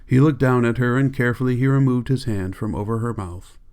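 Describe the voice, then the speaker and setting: A man narrating an audiobook in a calm, measured reading. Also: mid-range voice, smooth. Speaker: audiobook reader.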